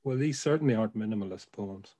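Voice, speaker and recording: A man discussing poems in conversation and then reading a poem aloud in a measured way. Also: lowish voice, dark tone. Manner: brief agreeing replies, reads aloud with measured phrasing.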